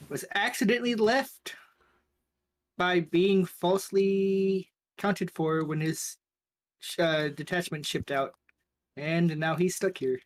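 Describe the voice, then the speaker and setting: A man introducing himself and his character in a tabletop game, hesitant and full of fillers. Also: sits high. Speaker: player. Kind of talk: casual self-introduction.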